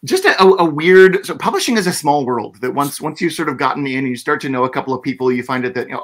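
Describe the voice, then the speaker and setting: A man's voice: a little high, expressive, quick pace, few pauses, fairly bright tone. A man talking as an author guest in a casual interview, chatty, with many fillers and restarts.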